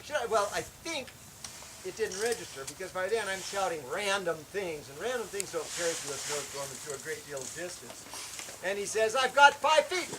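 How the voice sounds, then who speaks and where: A man telling a personal testimony as a camp worship speaker, animated, acting out the shouted lines of his story. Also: sits high, brisk, background noise. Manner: animated, acts out shouted quotes.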